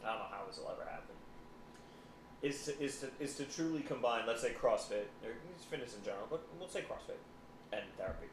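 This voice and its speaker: A man, a psychotherapist, talking in a casual podcast chat, telling animated stories and often repeating words as he goes. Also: mid-range voice, fast. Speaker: psychotherapist guest. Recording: echoey room with faint noise.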